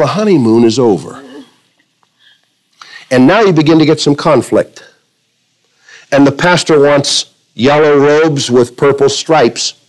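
Male preacher, slightly higher voice, delivers a sermon with stories and slow, drawn-out scripture readings. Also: poor audio. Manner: preaching with illustrations, quoting scripture, varying pace. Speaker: pastor.

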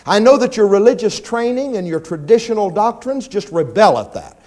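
A pastor preaching a sermon in church, animated and often mimicking whining prayers. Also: male voice, moderate pace. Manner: animated preaching, acts out pleading prayers in a high whine.

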